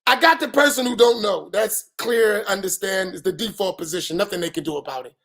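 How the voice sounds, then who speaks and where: A man's voice: high-pitched, moderate pace, gravelly, a bit bright, breathy edge. Emphatic preaching man, colloquial delivery. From United States. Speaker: imam. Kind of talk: post-dawn-prayer talk.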